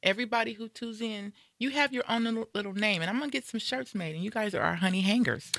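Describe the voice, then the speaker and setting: A woman's voice: medium pitch, quick pace, creaky, a bit bright, slight background noise. A woman hosting a casual live talk show, chatty and rambling with many fillers and restarts. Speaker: host.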